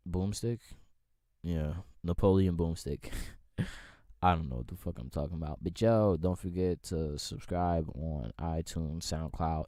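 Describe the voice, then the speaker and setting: Man, podcast host, heated comic rant, loud then muttering, low mellow voice, dry sound. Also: no room sound. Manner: animated, profane, swings from shouting to low mumbling.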